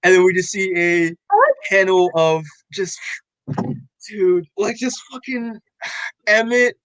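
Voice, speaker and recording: A young man co-hosting a podcast, excitedly recapping a comic in loose casual chat, full of "like" and swearing, acting out the characters' lines. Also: high-pitched, slow, smooth, no echo, poor audio. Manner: excited, loose, heavy on "like" and swearing, acts out quotes. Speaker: podcast co-host.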